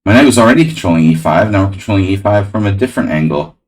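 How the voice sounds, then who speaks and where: Male chess streamer, very low voice, loose rambling live commentary to chat. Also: lively intonation, very fast. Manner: casual, rambling, talks to chat.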